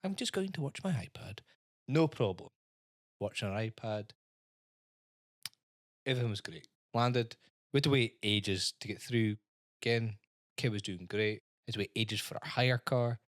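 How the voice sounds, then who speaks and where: A man's voice: fairly low pitch, measured pace, long pauses, dry recording. Man, Scottish accent, podcast co-host, casual storytelling, swears, dry close sound. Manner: storytelling, swears, acts out kids' voices. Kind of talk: casual chat.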